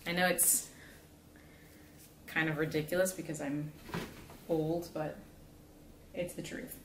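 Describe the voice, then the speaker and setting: A young South Florida vlogger rambles casually with lots of fillers while building a gingerbread house. She speaks slowly in a low, flat voice with a fairly bright tone. The room echoes, and a faint hiss runs in the background.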